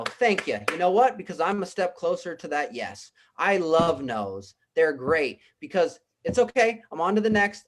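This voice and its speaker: A man giving an earnest, emphatic motivational pep talk as a guest speaker on a business call. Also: on the high side. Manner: earnest, emphatic, repetitive exhortations. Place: home in Costa Rica.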